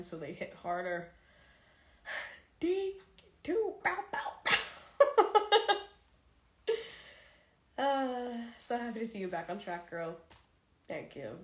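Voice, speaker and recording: A woman hosting a casual livestream chat with fans, emotional and tearful, sighing often and speaking candidly into a phone. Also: fairly low pitch. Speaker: livestream host talking to fans. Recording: roomy echo.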